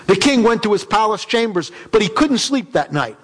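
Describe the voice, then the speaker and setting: A man's voice: sits high, big pitch swings, moderate pace. A man preaching in character as a biblical figure, telling the story dramatically and emphatically in a church sanctuary. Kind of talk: first-person character sermon. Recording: reverberant hall.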